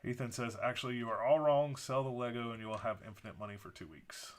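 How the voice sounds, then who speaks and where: A man's voice: medium pitch, fast talker. A man co-hosting a casual building live stream, easygoing, reading chat comments with rambling asides.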